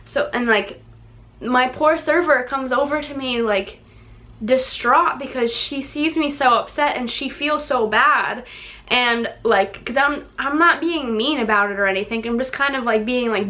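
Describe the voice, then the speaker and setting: A woman's voice: on the high side, pushed and bright. A young adult woman vlogging, telling a story in a chatty way, filling her talk with "like" and laughing along. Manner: chatty, fills speech with "like", laughs through the story. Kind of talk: casual storytelling vlog.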